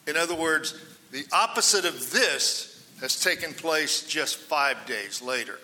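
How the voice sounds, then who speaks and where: Guy preaching a bible lesson, slow and deliberate, real bright tone, big hall echo. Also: on the high side, animated. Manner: dramatic, swings between loud quoted cries and hushed asides. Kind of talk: sermon, Bible teaching. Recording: long hall reverb.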